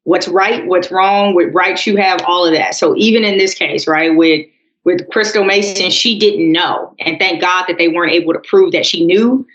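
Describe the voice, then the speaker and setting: A woman co-hosting a political podcast, telling stories calmly and talking straight to listeners. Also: fairly low pitch, moderate pace. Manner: calm, storytelling, addresses listeners as y'all. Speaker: podcast co-host. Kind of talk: casual political chat. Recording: roomy, dull-sounding podcast audio.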